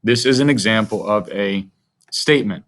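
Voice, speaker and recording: A man's voice: on the low side, moderate pace, a bit bright. Patient male teacher for young kids. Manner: friendly, patient, speaks to young children. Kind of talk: children's grammar lesson.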